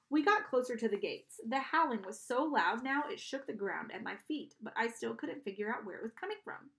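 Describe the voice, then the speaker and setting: A woman's voice: on the high side, animated, brisk, few pauses, fairly bright tone. A woman reading a storybook aloud, narrating and voicing the characters, with small restarts and self-corrections. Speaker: audiobook reader.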